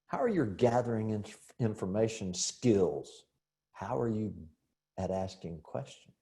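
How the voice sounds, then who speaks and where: A middle-aged man training real estate agents in a seminar, telling lively stories, acting out dialogue and putting rhetorical questions to the audience. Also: lowish voice, unhurried. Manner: animated storyteller who acts out dialogue and asks rhetorical questions.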